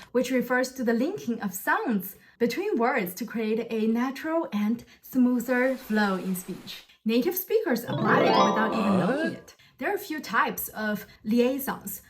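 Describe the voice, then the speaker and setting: A woman's voice: a little high, expressive, normal speed, few pauses, slight background noise. A woman giving a casual video lesson on spoken English, friendly and demonstrative, laughing at herself now and then. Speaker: English teacher.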